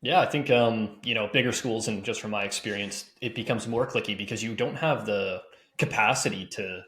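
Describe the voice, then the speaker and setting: A man's voice: on the low side, normal speed, fairly bright tone, reverberant. A man hosting a podcast in an easygoing way, laughing along and asking open questions. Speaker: podcast host. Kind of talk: casual interview chat.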